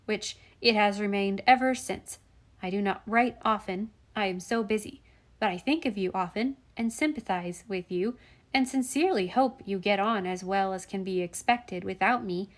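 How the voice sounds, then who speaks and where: A woman's voice: medium pitch, close to an everyday voice. A woman voicing a cheeky schoolboy reading out his own long letter with many postscripts. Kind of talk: audiobook reading.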